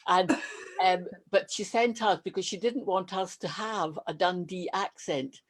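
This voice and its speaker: A woman from Stirling with a Scottish accent softened by elocution, telling stories in a casual chat over a video call. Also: fairly low pitch, measured pace. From Stirling, Scotland. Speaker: podcast guest.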